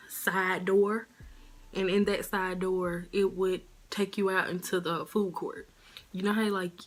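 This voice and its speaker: Woman vlogger telling a story, chatty and animated, talks right to her viewers. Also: lowish voice. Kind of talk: casual storytime vlog.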